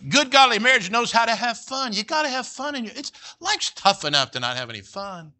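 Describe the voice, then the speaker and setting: A man's voice: very high-pitched, sing-song, a little fast, sharp tone. A middle-aged man preaching a sermon as pastor, folksy and joking, often checking in with "all right?" and "you know".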